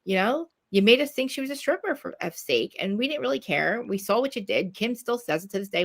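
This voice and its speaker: A woman hosting a casual gossip chat, talking in a profane, animated way and acting out the quotes she tells. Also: fairly high pitch, brisk, vocal fry, hardly any pauses. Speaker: podcast host. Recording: dry home streaming mic.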